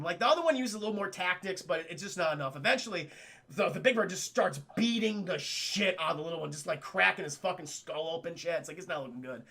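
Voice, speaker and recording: A man's voice: high voice, pushed and bright. A man streaming live, recapping a movie in a casual, profane, rambling way while talking to his chat. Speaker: streamer reviewing a film.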